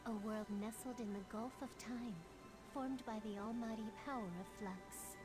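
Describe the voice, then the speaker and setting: Casting: female actor as a formal game guardian figure, higher register, clear game score under her. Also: fairly even intonation, normal speed, close to an everyday voice. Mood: solemn. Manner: solemn, formal. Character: mysterious female guardian of a timeless realm. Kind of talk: video game voice acting. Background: game music.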